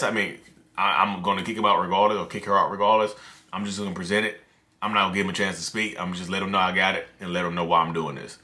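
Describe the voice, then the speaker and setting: A man's voice: lowish voice, pushed and bright. A man vlogging in a loose, rambling casual monologue, calling his viewers y'all. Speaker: vlogger talking about narcissism.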